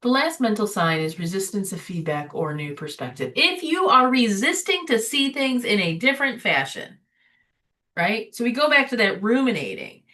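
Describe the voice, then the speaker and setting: A woman hosts an informal spiritual recovery webinar in a conversational way, frequently asking "right?" and tossing in "you know." Her medium-pitched voice is sing-song, bright and forceful at a normal speed, and she sounds somewhat distant from the mic.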